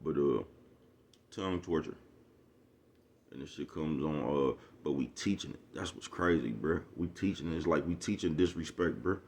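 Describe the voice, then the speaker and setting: This vlogger has an extremely low voice and talks at a moderate pace, with a faint hiss or hum in the background. He rants casually to the camera in profane street slang, preaching at his viewers and constantly asking whether they know what he's talking about.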